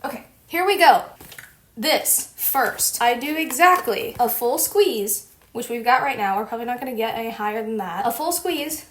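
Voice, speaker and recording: A woman's voice: fairly high pitch, animated, normal speed, a little hiss or hum. A young woman vlogging a casual how-to at home, chatty, playful and gushing as she talks.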